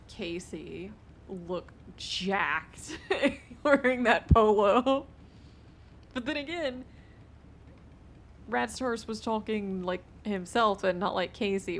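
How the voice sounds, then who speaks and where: A woman's voice: medium pitch, slow, a little hiss or hum. A young woman streaming a roleplay game, chatting casually in a laid-back, profane way, and sounding sleepy and worn out. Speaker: livestreamer playing a roleplay game.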